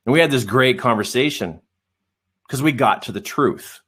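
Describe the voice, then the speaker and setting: A middle-aged man telling a story in a coaching webinar, animated and often laughing. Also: medium pitch, fairly quick.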